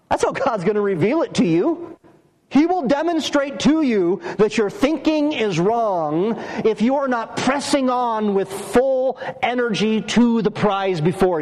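Male pastor, high voice, emphatic expository preaching, recorded in a reverberant church hall. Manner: animated, emphatic preaching with rhetorical questions. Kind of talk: expository sermon.

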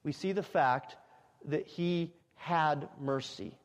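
A man preaching an expository sermon, emphatic, repeating phrases and building to loud climaxes. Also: on the high side, slow pace, long reverb tail, highs cut off.

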